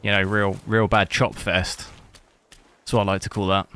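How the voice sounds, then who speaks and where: A man's voice: fairly low pitch, little pitch movement, normal speed, pushed and bright, smooth. A man from England with an English accent, chatting casually to viewers while streaming a game, rambling and hunting for words. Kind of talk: casual live-stream chat while gaming.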